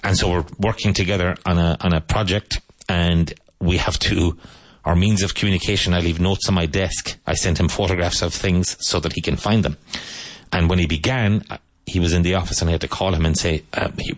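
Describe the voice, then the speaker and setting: Deep-voiced man teaching vocabulary. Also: steady tone, no room sound. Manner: repeats words slowly and stresses syllables for learners. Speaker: English teacher. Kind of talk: radio-style language lesson.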